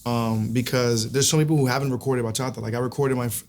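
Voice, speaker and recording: A man's voice: mid-range voice, steady tone, quick pace, darkish tone. A man guest on an interview show, talking loosely and chattily with lots of restarts. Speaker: guest singer. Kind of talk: casual interview chat.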